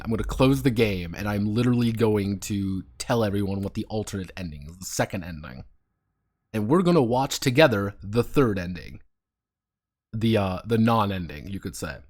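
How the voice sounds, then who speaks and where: A man's voice: fairly low pitch, animated, brisk, a little mellow. A man streaming a video game, commenting sarcastically and swearing as he rambles through the playthrough. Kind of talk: live gameplay commentary.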